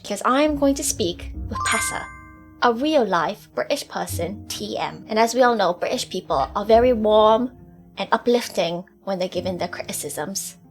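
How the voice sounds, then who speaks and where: Host type, woman with a lively, bouncy, high-ish voice, hamming up a clumsy fake Essex accent. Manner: playful, putting on an amateur Essex accent. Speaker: video host. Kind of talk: comedic vlog chat.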